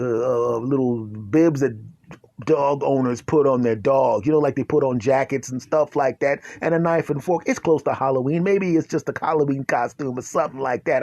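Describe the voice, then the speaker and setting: A man hosting a podcast, telling an absurd comic story in an animated way and often asking "right?". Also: mid-range voice, normal speed, no room sound, clean studio sound. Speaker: podcast host.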